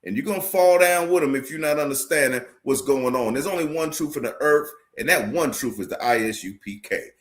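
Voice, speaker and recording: A man delivers a livestream sermon in a medium-pitched voice. He is forceful and repetitive, quotes scripture, and keeps turning to his viewers to ask whether they understand. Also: a little fast, hardly any pauses. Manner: forceful, preachy, repeats phrases, quotes scripture; addresses viewers directly, asks "you understand?". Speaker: street preacher teaching a class.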